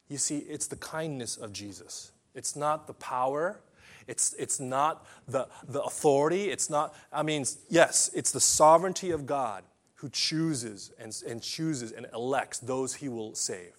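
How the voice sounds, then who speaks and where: A man preaching a sermon in an impassioned way, swinging between hushed and loud passages and often repeating or restarting phrases. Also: medium pitch, measured pace.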